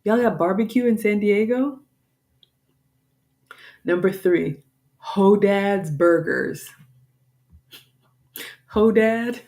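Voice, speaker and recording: Speaking slowly with frequent pauses, this vlogger and home cook from the American South talks casually on a live stream. Her voice is mid-range and darkish, and she sounds tired, apologetic and somewhat scattered.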